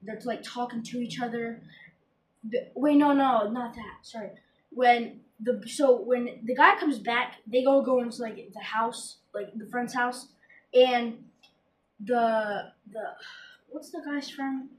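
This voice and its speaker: A woman co-hosting a casual horror movie review, recapping the plot haltingly and searching for names. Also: fairly high pitch. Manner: halting, many fillers and restarts, searching for names. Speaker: podcast co-host. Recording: distant mic with faint background noise.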